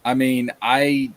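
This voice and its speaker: A man hosts a casual livestream, ranting about laws and reading viewer chat aloud. His pitch sits in an ordinary middle range and he talks in an animated way. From Tennessee, USA. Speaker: streamer.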